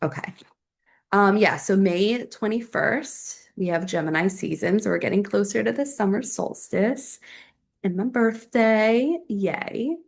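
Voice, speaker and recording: A woman's voice: medium pitch, unhurried, creaky. A young adult woman hosting a solo astrology podcast, chatting casually and thinking aloud with lots of fillers.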